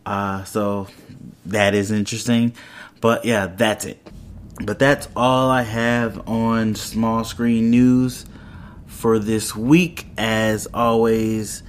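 A man hosting a solo podcast in casual chat, rambling and correcting himself, excitable as he talks. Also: fairly low pitch, a little hiss or hum. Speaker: podcast host. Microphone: headphones and microphone.

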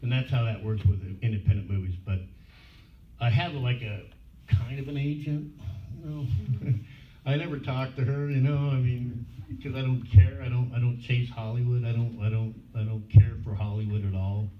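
A man's voice: mid-range voice, fairly even intonation, normal speed. Blunt, profane man telling stories. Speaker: convention panel guest. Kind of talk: casual storytelling at a fan panel. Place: convention panel room. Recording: echoey far-off hall recording, phone-like and noisy.

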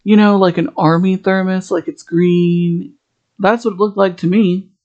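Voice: medium pitch, steady tone, unhurried, a little mellow, dull audio. A podcast host in a casual episode recap, rambling and chatty, full of "like" fillers and restarts.

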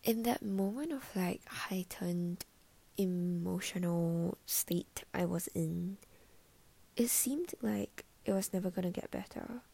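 Soft-spoken young woman, breathy and creaky. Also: on the low side, takes it slowly. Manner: soft, often half-whispered, filler-heavy musing. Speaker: vlogger. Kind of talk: personal reflective monologue.

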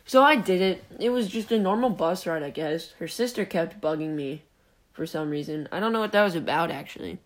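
Fairly quick and lively in intonation, a young male podcast host with a slightly high voice tells a story that keeps wandering. He giggles often, goes off on tangents, and cuts himself off.

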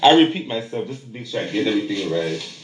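A man's voice: on the low side, sing-song, recorded from a distance. A man from New York City with a New York accent, hosting a casual chat and firing off teasing questions. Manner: teasing, rapid-fire questions, laughing often. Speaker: podcast host. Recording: echoey room, mic set back.

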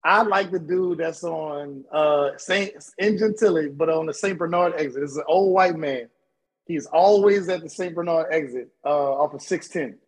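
A man telling expressive, laughing stories in a casual podcast chat. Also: a little high, moderate pace, slightly rough, poor audio.

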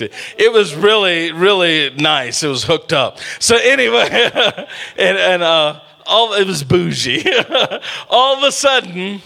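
High, bright-voiced animated preacher man. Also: creaky. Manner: animated, humorous, calls out to the congregation. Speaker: pastor. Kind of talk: storytelling sermon.

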